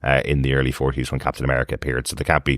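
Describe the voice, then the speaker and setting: A man's voice: rumbling low, completely flat delivery, racing, a bit bright, no room sound, studio quality. A man hosting a casual podcast discussion, rambling with frequent restarts and light chuckles. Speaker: podcast host. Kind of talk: casual podcast chat about a TV episode.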